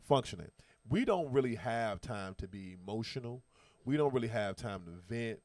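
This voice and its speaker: A man's voice: mid-range voice, normal speed, no room sound. A man hosting a casual talk show, telling stories with emphatic, slang-filled delivery. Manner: animated, emphatic storytelling with slang. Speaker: podcast host. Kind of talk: casual chat.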